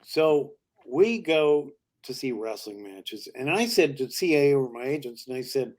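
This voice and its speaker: An older male comedian as a podcast guest, telling long showbiz stories in a lively way and slipping into character voices. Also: medium pitch, a little slow, few pauses. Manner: lively raconteur who slips into character voices. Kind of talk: anecdotal storytelling.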